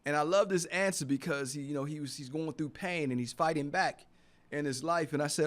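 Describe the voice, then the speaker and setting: A man's voice: a little high, brisk. A man hosting a motivational radio talk show, speaking earnestly and from the heart, repeating phrases for emphasis in a studio.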